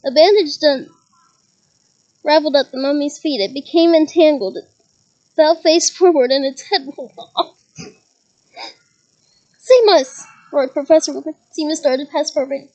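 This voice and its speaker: A woman reading a novel aloud in a lively way, with chuckles and side comments to listeners. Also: sits high, normal speed, poor audio. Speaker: reader.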